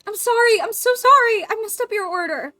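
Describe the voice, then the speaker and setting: A woman's voice: extremely high pitch, lively intonation, brisk, bright, forceful tone, faint music behind, pitched above the performer's own voice, exaggerated voice. A woman voicing a timid, panicky young waitress who apologizes frantically. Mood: panicked.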